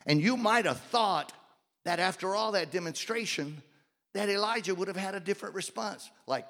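A man preaching a sermon, swinging between loud, raised passages and hushed, quiet ones. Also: high voice, lively intonation, moderate pace. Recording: long hall reverb.

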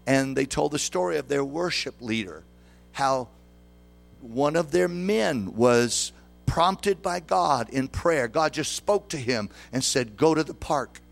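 Man in his sixties, pastor, sermon, gravelly, mid-pitched, asks the congregation questions. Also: lively intonation, slow pace. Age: 60s.

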